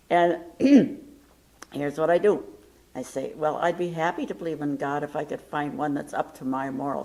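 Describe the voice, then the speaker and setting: A woman's voice: very deep voice, vocal fry, mellow, rough recording. A woman hosting a talk show, chatting casually and telling points with emphatic quoted lines. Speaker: host.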